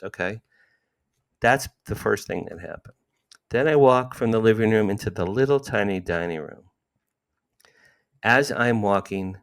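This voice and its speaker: Man, 60s, low-pitched interview guest; animated, emotional storyteller. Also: creaky. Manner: animated, emotional retelling with frequent restarts.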